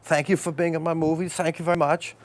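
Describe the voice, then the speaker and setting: A man's voice: fairly high pitch, little pitch movement, fast talker, pitched above the performer's own voice, close to an everyday voice. A man doing an impression of an eccentric male film director, muttering in a strained, raised voice. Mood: grateful.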